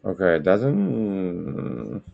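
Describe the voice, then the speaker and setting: Slow, low, gravelly man talking markets. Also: sing-song, highs cut off. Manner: rambling, self-correcting, apologetic. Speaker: trading stream host. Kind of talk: casual live market commentary.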